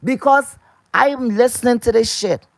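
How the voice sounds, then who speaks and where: A woman's voice: fairly high pitch, moderate pace, creaky, no echo. A woman talking to her viewers in a casual ranting livestream, blunt and profane, often repeating herself. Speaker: live streamer.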